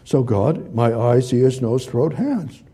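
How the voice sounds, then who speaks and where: A man's voice: mid-range voice, expressive, takes it slowly, warm tone, breathy edge. A man preaching a sermon, reading scripture aloud, repeating phrases and putting questions to his listeners. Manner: repetitive, asks the audience questions and reads scripture aloud; gestures with hands while teaching.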